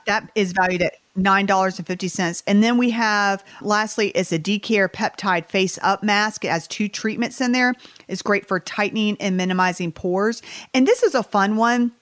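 A woman's voice: medium pitch, moderate pace, dry recording, clean studio sound. A woman with a Southern US accent, co-hosting a podcast in casual, chatty talk. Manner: chatty, animated, a little bitter. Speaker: podcast co-host. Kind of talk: casual chat.

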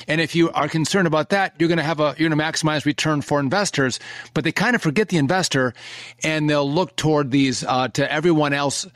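A man's voice: on the high side, fairly quick, fairly bright tone, dry recording. A man hosting an interview, rambling through his questions with many restarts. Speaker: interview host.

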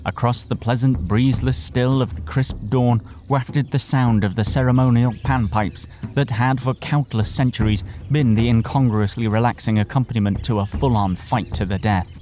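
A man's voice: medium pitch, steady tone, normal speed, few pauses, dark tone. A man narrating a comic audio drama with dry, wry storytelling.

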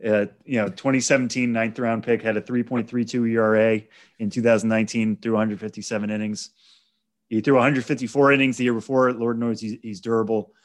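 A man co-hosting a sports podcast, calmly walking through prospect trades and statistics. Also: medium pitch. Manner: measured, stat-heavy explaining. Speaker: podcast co-host. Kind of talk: casual sports chat.

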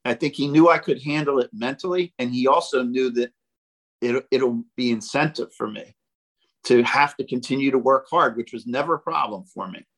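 An older man, a former ballplayer, telling animated stories as a podcast guest and acting out the quotes. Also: mid-range voice, normal speed, low-quality recording. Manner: animated, jokey storyteller who acts out quotes. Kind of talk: casual storytelling.

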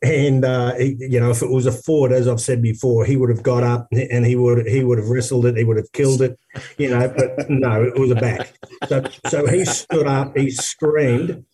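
An Australian man, a former rugby player, telling a lively story in casual conversation with many restarts. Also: mid-range voice, moderate pace, slightly rough, distant mic. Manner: animated anecdote teller, many restarts.

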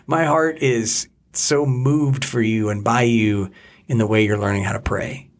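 A man's voice: medium pitch, fairly even intonation, measured pace. A middle-aged man co-hosting a podcast, talking in an earnest, rambling and heartfelt way, sometimes praying aloud. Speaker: podcast co-host. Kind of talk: casual chat and spoken prayer.

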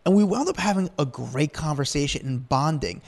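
Fast-talking man telling stories on a podcast. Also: fairly high pitch, vocal fry. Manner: rambling, animated, acts out quotes. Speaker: podcast co-host. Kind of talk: casual storytelling chat.

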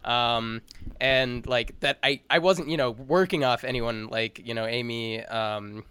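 A man's voice: medium pitch, fairly even intonation, unhurried, pushed and bright, clear, resonant tone. A man voice actor talking as a podcast guest, rambling modestly with many fillers. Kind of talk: casual podcast chat.

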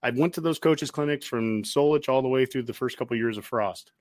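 A man co-hosting a sports podcast, talking in a casual, animated way and getting worked up as he goes. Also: medium pitch, fairly quick, no echo. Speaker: podcast co-host.

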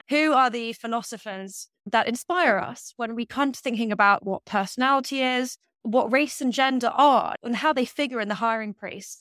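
A woman's voice: on the high side, fairly bright tone, clear, resonant tone, no room sound. Articulate, wry woman podcast co-host. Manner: articulate, critical, lightly wry. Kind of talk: casual conversational podcast discussion.

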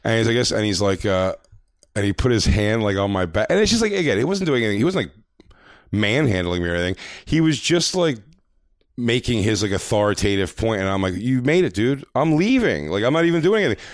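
A man's voice: fairly low pitch, sing-song, fast, no echo, studio quality. A man co-hosting a podcast, telling a long story in casual chat, full of fillers and acted-out quotes. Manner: rambling, filler-heavy, acts out quoted lines. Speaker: podcast co-host.

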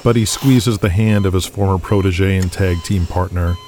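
Narrador de voz muito grave. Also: male voice, low voice, steady tone, normal speed, darkish tone. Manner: describes actions in present tense. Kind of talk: scripted narration. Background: music.

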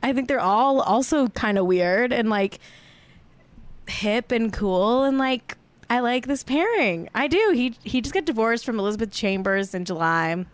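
A woman's voice: fairly high pitch, animated, measured pace, smooth, no room sound. A young woman hosting a podcast in casual chat, a little tipsy, rambling and giggly with lots of fillers. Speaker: podcast host.

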